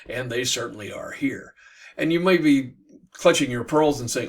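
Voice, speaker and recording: A man teaching literature by retelling a bawdy classic tale in a playful, animated way. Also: mid-range voice, moderate pace, recorded from a distance.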